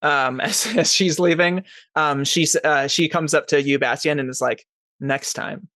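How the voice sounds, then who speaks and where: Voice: medium pitch, fairly even intonation, normal speed, sharp tone, dry recording. A game master narrating a tabletop game in a hesitant way, with many fillers and restarts.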